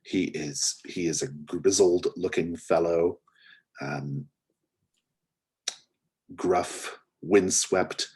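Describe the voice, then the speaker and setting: A man running a tabletop mystery game as game master, with a very deep, husky voice. He narrates in a relaxed, hesitant way, leaning on fillers as he goes. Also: extremely slow, pauses often.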